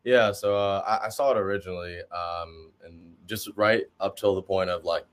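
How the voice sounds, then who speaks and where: Young man, athlete guest, very deep voice, flat delivery, modest and hesitant. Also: normal speed. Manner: low-key, humble, hesitant with fillers. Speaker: guest college football player. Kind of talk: casual interview answers.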